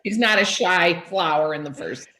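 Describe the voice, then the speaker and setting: A woman's voice: on the low side, expressive, normal speed, bright, forceful tone. A woman actress guest in a TV interview, playful and rambling. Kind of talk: interview chat.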